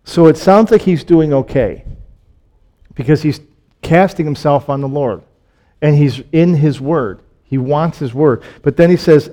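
A man preaching a sermon, reading scripture aloud and explaining it in a conversational way. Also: a little high. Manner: reads scripture aloud, then explains it in plain, conversational asides; drops to a soft, slow hush on solemn points, rises when excited.

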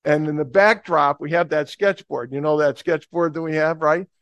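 Gravelly New preacher. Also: male voice, a little high, normal speed, dry recording, lo-fi sound. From New Jersey, USA. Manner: lively, humorous, emphatic. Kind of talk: sermon with storytelling.

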